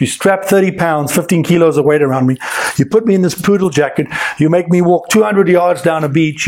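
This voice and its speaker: High-voiced man telling a lively anecdote. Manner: animated, emphatic, acts out quoted dialogue; frequent fillers and repeated words. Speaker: scuba diving instructor. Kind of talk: storytelling anecdote.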